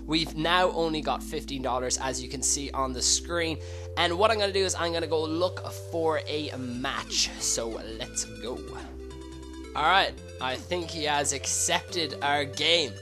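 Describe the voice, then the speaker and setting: A man hosting a gaming channel, commentating a football match live, excitable, yelling at the game and swearing. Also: a little high, measured pace, music in the background.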